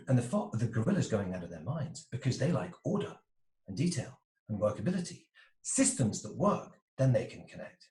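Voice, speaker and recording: Lively man explaining, roomy echo. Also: medium pitch, normal speed, recorded from a distance. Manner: animated, acts out little voices of quoted types. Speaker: interview guest, relationship coach. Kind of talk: explanatory interview talk. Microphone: video call.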